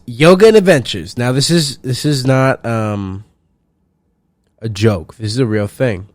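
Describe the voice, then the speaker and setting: A young man rants through his own comedy podcast, swearing freely and wandering from one point to the next. His voice sits at an ordinary middle pitch, recorded close and dry with no room sound. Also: measured pace, dry recording. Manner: profane, rambling, animated. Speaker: podcast host. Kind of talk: solo comedic podcast rant.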